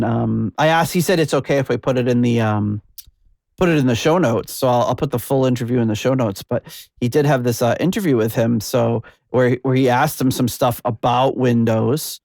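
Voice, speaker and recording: A man's voice: mid-range voice, creaky, a little mellow, no room sound, studio quality. A man hosting a podcast, chatting casually and rambling with restarts. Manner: rambling, lots of fillers and restarts, laughs easily. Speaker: podcast host.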